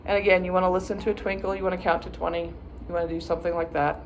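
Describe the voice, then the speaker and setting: A woman's voice: on the low side, level tone, rapid-fire, slight background noise. A woman viola teacher patiently walking students through practice steps, sometimes chanting rhythm words. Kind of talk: instructional practice walkthrough.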